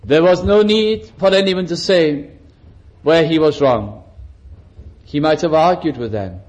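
A fairly high-pitched man preaching a sermon. He gives his delivery plenty of drama, slowing down and speeding up for emphasis. When he quotes scripture or acts out a figure in the story, he changes his voice to play the part. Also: darkish tone, low-quality recording.

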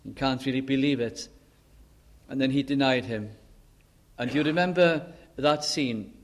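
An older man with a mid-range voice delivers a sermon, telling the story with feeling. He acts out the quoted dialogue and slows down to emphasize key moments.

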